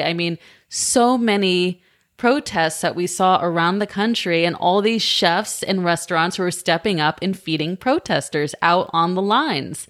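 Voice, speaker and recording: Woman interviewer, slightly low pitch; engaged, conversational delivery. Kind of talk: interview questions.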